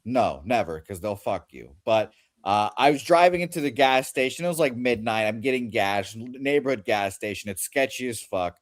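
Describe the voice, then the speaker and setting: A man's voice: mid-range voice, expressive, normal speed, dry recording, clean studio sound. A man on a podcast telling a story casually, blunt and profane. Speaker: podcast co-host.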